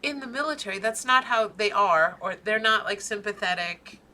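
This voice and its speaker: A woman's voice: mid-range voice, normal speed, sharp tone. A woman co-hosting a podcast in casual chat, telling a story as a profane, worked-up rant. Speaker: podcast co-host.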